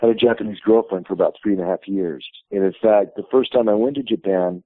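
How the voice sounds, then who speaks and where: A man's voice: fairly low pitch, fast, dry recording. Man telling stories over a phone line. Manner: rambling anecdotal storyteller. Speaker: wrestling promotion president, interview guest. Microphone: telephone.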